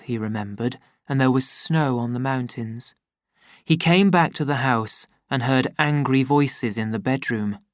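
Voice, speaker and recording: An audiobook narrator with a mid-range voice reads a scripted story aloud in a slow, measured, plain storytelling style. The sound is clean studio audio with no room sound.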